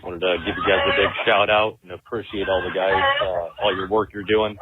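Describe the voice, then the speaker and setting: A man's voice: sits low, level tone, fairly quick. A man leaving a friendly, thankful voicemail, with chickens clucking behind him. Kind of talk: voicemail message. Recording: tinny phone line with loud background noise.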